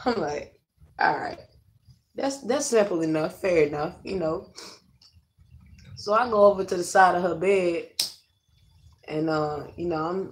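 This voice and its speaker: A young adult woman venting to her viewers in a blunt, profane, rambling way. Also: lowish voice. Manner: addresses viewers directly. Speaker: vlogger. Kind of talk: casual venting to camera.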